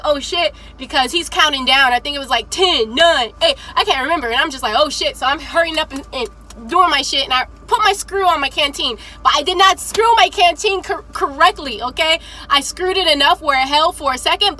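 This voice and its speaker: A young woman in her twenties telling a story to camera in an animated, profane, laughing way. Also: sits high, rough recording. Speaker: vlogger.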